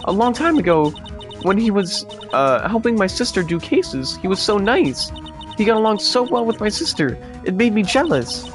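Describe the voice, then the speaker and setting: A man's voice: high-pitched, sing-song, moderate pace, soft background music, pitched above the performer's own voice. A man putting on a shy, stammering young woman. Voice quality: stammering, hesitant.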